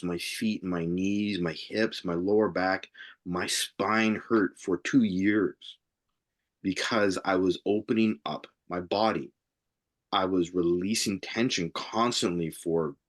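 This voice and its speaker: A man's voice: low-pitched, slow. A man co-hosting a live spiritual Q&A, speaking earnestly and pressing his points with emphasis. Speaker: spiritual workshop co-host. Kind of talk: live Q&A discussion.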